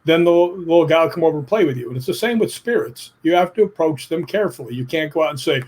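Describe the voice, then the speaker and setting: His voice runs on the high side and he moves quickly: a middle-aged man interviewed as a guest, telling stories bluntly and emphatically. He acts out what others said and drops the occasional casual swear word.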